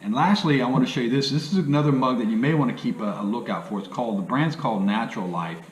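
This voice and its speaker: A man's voice: medium pitch, fast talker. A man with a hillbilly accent chatting casually about reselling in a rambling, folksy way, often tossing in "you know what I mean.". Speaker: reselling vlogger. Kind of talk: casual vlog talk. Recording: echoey room with faint ambient noise.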